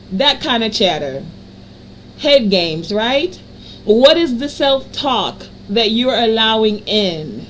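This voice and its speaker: A woman with a fairly high voice gives a card reading in a soothing, affirming tone. She piles up phrases in gentle repetitive lists and slows down on the words she wants to land. A faint hum of noise sits behind her. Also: big pitch swings, rough recording. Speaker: energy reader and healer. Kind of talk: tarot card reading for a general audience.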